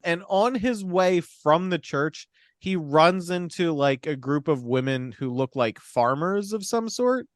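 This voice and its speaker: Man, higher-pitched voice, casual podcast retelling, animated, profane, dry close mic. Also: measured pace, dry recording. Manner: animated, profane, laughs often. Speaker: podcast co-host recapping a film. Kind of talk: casual retelling, acting out lines.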